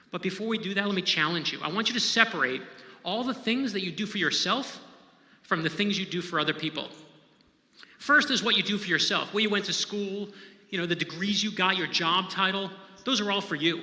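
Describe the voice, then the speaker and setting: A man's voice: high-pitched, bright, forceful tone. A man, a novelist, giving an inspirational storytelling talk in a conversational, emphatic way, often checking in with the audience. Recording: echoey hall with long reverb.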